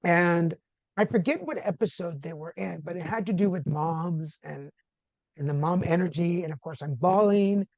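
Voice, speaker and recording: Animated man telling a personal story. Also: a little high, moderate pace, vocal fry, no room sound, dull audio. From Texas. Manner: animated, acts out quoted dialogue. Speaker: podcast guest. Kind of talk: conversational storytelling.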